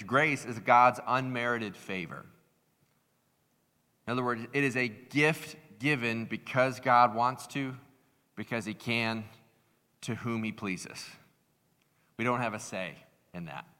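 Preaching in a large hall whose long reverb rings around him, a pastor speaks with a bright, forceful, carrying voice of medium pitch. He's animated and conversational, acting out other people's voices when he tells a story.

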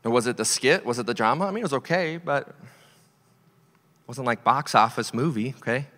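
A male pastor telling a story in a sermon, animated, swinging between loud and hushed delivery. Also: medium pitch, brisk. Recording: long hall reverb.

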